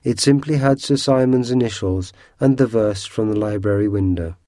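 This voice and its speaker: A man narrating a storybook audiobook in a measured, unhurried way. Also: fairly low pitch, mellow, no room sound, clean studio sound.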